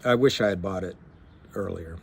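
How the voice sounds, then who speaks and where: A man's voice: low-pitched, moderate pace, gravelly, husky. A man hosting a live stream, chatting casually and rambling with many fillers and restarts, reading figures aloud. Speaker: livestream host talking stocks.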